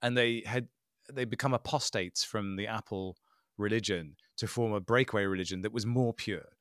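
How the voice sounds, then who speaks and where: Smooth-voiced sardonic man. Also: on the low side, moderate pace, no echo, clean studio sound. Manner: animated, mocking impressions, sarcastic. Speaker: podcast co-host. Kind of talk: casual tech podcast chat.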